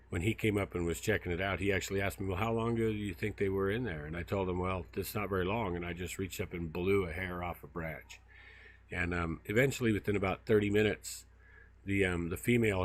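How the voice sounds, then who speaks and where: A man hosting a casual outdoor livestream, telling stories in a rambling way with lots of fillers while he walks through brushy woods by a river. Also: low-pitched. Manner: rambling storyteller, many fillers. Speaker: field researcher and livestream host. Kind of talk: casual walk-and-talk livestream.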